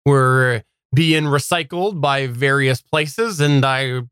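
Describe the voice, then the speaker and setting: A man co-hosting a tech podcast, giving measured, wry analysis with a few hesitations. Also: medium pitch, a bit bright, clear, resonant tone, no room sound, clean studio sound. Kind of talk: casual podcast chat.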